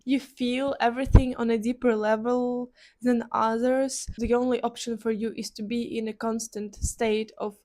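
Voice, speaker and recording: A woman vlogger talking earnestly and from the heart in a personal reflective monologue, pausing and restarting as she goes. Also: a little high, a little mellow.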